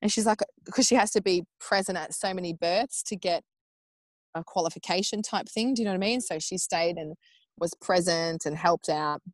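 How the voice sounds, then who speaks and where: An Australian woman in her thirties telling her own birth story in casual, animated talk, acting out what people said and swearing freely. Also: lowish voice, moderate pace, no echo. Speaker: podcast guest.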